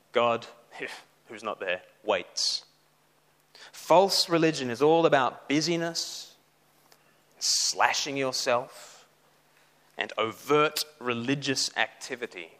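A man preaching a sermon, animated, with mocking asides. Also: mid-range voice.

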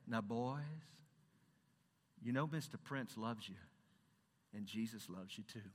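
This is a man doing a calm, kindly Sunday school teacher with a soft, genteel Southern accent. He speaks gently and quietly, a little lower than a plain voice, and his words ring out into a large hall with a long tail of reverb. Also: a little slow. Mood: gentle.

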